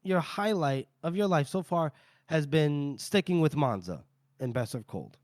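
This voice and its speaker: Guy on a podcast mic going through a book chapter, slightly high voice, swears a lot, very dry sound. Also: unhurried, no room sound. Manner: animated retelling with voices for characters, profane. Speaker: podcast co-host. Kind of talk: casual book-discussion podcast, retelling chapters.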